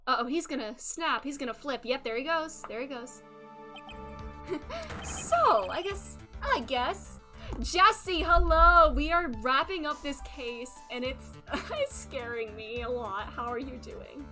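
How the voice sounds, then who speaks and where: A young woman streaming a game, giving excitable, joking and nervous commentary. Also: sits high, takes it slowly. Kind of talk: let's play commentary. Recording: game music behind voice.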